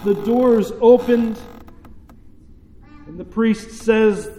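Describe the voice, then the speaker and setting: A man preaching a sermon as pastor, telling a story slowly and deliberately with dramatic pauses. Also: high-pitched, dark tone. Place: church sanctuary. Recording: echoey church with long reverb.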